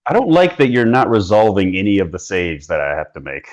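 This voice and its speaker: A man's voice: sits low, wildly swooping pitch, brisk. A man playing a tabletop game, wry and joking, heard through a dull lo-fi mic. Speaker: player.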